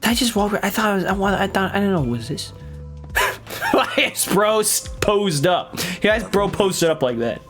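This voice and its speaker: A man streaming a video game with casual, excitable commentary, swearing and laughing often. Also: sits high, normal speed. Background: faint game music.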